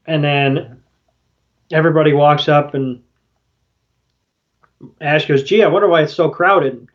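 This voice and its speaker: Guy on a podcast with a kinda high voice, casual recap, dull lo-fi sound. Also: fairly even intonation, unhurried. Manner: loose and swearing, quoting characters in passing. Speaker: podcast co-host. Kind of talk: casual episode recap chat. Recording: dull lo-fi audio.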